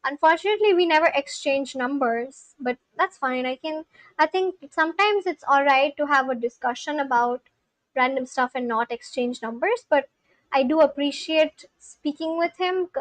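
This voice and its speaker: Talking back to her chat, this young female streamer mixes scolding with reassurance in casual, rambling speech full of fillers. Her voice is high and her speed normal, with no echo.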